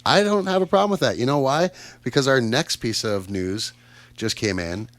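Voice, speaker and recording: Canadian man, radio host, chatty and upbeat, average pitch, casual studio talk. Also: moderate pace, dry recording. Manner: chatty, upbeat, lots of fillers and asides.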